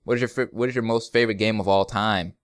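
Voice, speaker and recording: A young man chats through fan questions in a loose, joking way, laughing often as he goes. His voice sounds smooth and clear, recorded close with a dry, dead sound. He rambles easily from one answer to the next. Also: fairly low pitch, steady tone, fast talker, no echo. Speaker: YouTube gaming channel host. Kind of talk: casual Q&A vlog.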